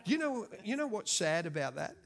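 A man in his forties delivers a sermon as a string of stories. His voice sits a touch high and swings widely in pitch. His delivery is chatty, and he pokes fun at himself. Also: sing-song, normal speed, gravelly. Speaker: preacher. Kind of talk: storytelling sermon.

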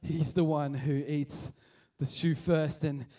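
A man giving a chatty, animated sermon and acting out the scenes he tells. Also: fairly high pitch, takes it slowly, far from the mic. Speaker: preacher. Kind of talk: casual sermon.

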